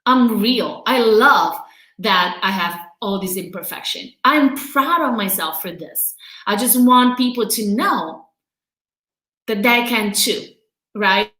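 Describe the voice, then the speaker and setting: A medium-pitched woman with lively intonation speaks slowly in a bright, forceful tone on her live motivational coaching stream from home during quarantine. Candid, emotional, and often laughing, she has a non-native accent, and the echoey recording is rough.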